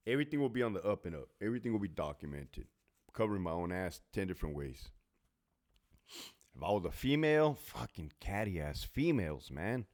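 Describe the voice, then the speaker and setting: A middle-aged man chats casually and bluntly, swearing freely and laughing at himself. His voice sits low but swings widely in pitch, animated as he tells stories from his prison job. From California. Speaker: former prison officer answering viewer questions. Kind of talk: casual Q&A chat.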